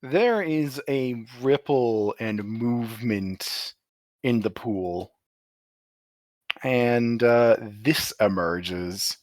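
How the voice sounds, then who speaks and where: A man acting as game master, narrating a tabletop game in a relaxed, deliberate way. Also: medium pitch, no echo, studio quality.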